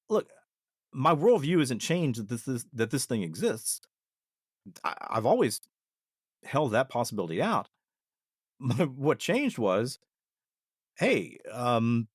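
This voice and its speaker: Animated man telling stories. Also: mid-range voice, no room sound, studio quality. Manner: animated, reflective, with frequent restarts. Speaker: podcast guest. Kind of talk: casual storytelling.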